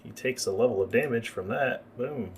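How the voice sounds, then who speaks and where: A man's voice: medium pitch, normal speed. A man narrating as game master for a livestreamed tabletop game, explaining the rules at length.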